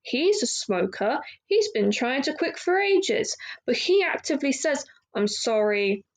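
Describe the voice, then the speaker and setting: A woman's voice: high-pitched, sing-song, a little slow, rough recording. A young woman hosting a casual solo podcast, talking candidly and rambling with lots of fillers and restarts. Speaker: podcast host.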